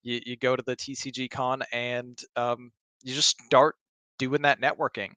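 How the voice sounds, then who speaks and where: A man's voice: medium pitch, level tone, normal speed, bright, forceful tone, no echo. A man co-hosting a card game podcast in casual chat, encouraging and enthusiastic. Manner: encouraging and enthusiastic, with many fillers. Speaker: podcast co-host.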